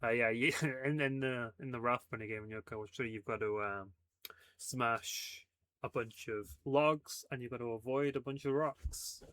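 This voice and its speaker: A man's voice: mid-range voice, fairly even intonation, normal speed, a bit bright, no room sound. A man narrating a fan story aloud, breaking off for casual, laughing asides. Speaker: fanfic reader. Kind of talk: audiobook narration.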